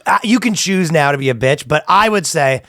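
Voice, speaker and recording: Man, comedy podcast co-host, lively pitch, dry close mic, laughs a lot. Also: a little fast, no room sound. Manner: laughs often, riffs with acted-out voices. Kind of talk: casual comedic banter.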